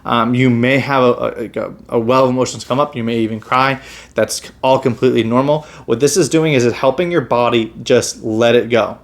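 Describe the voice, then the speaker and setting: A man, a chiropractor, explaining meditation and breathing techniques in a relaxed, casual way, with many fillers and restarts. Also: medium pitch, a little fast. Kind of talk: casual health instruction.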